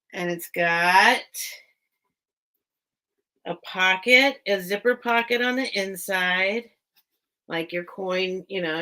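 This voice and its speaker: A woman's voice: mid-range voice, sharp tone. A woman hosting a casual live-stream sale, chatting and reading out bids, often breaking off her own sentences. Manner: chatty, self-interrupting, reads out bids. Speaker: online live-sale seller.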